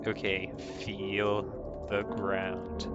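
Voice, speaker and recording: A man's voice: lowish voice, completely flat delivery, extremely slow, lo-fi sound. A man playing a text adventure game, reading the story aloud and laughing and swearing at it in casual commentary. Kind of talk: casual let's play commentary. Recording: clear background music.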